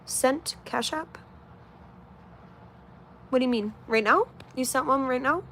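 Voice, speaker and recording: Woman in her twenties, casual live-stream host, cursing freely and straight-talking, voice a touch high. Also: takes it slowly, sharp tone, slight background noise. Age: 20s. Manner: blunt and heavily profane. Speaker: livestreamer. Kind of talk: casual livestream chat reading comments.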